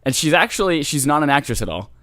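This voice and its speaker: A man's voice: a little high, big pitch swings, quick pace, bright, forceful tone, no room sound, studio quality. A man co-hosting a casual gaming podcast, talking enthusiastically and teasing his co-host.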